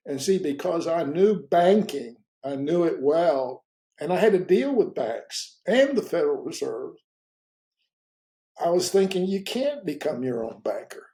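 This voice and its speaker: A man telling a story in an interview, in a halting way with many repeats and fillers, and lively when he retells conversations. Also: a little high, low-quality recording. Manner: animated when retelling dialogue. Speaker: interview guest.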